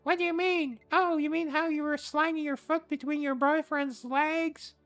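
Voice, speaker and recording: A man voicing a bratty, loud little girl in a high, squealing voice. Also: steady tone, normal speed, soft background music. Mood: teasing. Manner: squealing, teasing.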